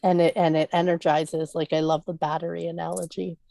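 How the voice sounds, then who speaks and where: A woman co-host joins in to agree in a supportive, casual way. Her voice sits low with gravelly fry and a mellow, dark tone, and the recording is dry and close. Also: flat delivery, fairly quick, no room sound. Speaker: podcast co-host. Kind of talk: casual conversation.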